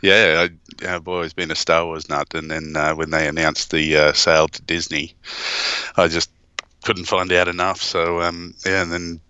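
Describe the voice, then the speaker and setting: A man's voice: sits low, little pitch movement, moderate pace, pushed and bright, clean tone, no echo. A man from Australia, chatting easily as a podcast guest, with lots of fillers. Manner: easygoing, hesitant fillers. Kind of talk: casual interview chat. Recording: dull lo-fi line.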